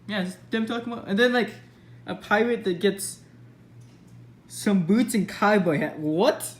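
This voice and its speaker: A woman's voice: on the low side, darkish tone, a little hiss or hum. A woman casually rambling over her old story, mocking herself with lots of fillers. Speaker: vlogger.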